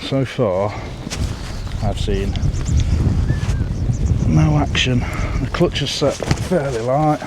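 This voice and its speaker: A man vlogging while sea fishing on a windy shore, chatting excitedly to viewers and out of breath, recorded on his phone. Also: mid-range voice, very slow, long pauses. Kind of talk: casual outdoor commentary to camera. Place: windy seashore outdoors.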